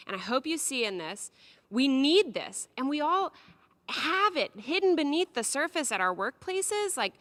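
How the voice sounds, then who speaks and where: A woman speaks at a startup conference in a large historic hall, her voice bright and clear. She talks in a lively, conversational way and acts out quotes in little voices. She is a co-founder addressing the room. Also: medium pitch. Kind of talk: conference talk.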